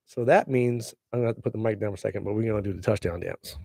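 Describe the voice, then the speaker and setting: A man's voice: on the low side, rapid-fire, creaky, hardly any pauses, no room sound, studio quality. A man hosting his own show in a casual solo monologue, joking and plugging himself with playful, spelled-out asides. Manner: jokey self-promoting, spells things out, animated bursts. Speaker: podcast host.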